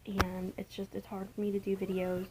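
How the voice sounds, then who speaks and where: Young woman vlogger, casual rambling home chat with soft near-whispered stretches, mid-pitched, noisy camera audio with clicks. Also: monotone, fairly quick. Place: home, indoors. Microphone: camera mic.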